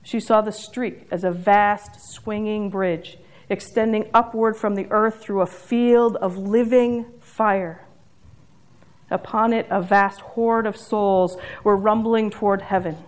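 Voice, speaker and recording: A woman's voice: mid-range voice, fairly even intonation, slow. Reflective woman preaching through a story. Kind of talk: sermon retelling a story.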